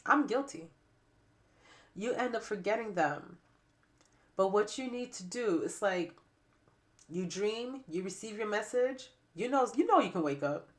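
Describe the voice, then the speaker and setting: A woman giving a spiritual tarot reading to camera with a stuffy nose and raspy throat, repeating phrases emphatically like preaching. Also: mid-range voice, lively intonation, unhurried, pauses often. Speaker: tarot reader.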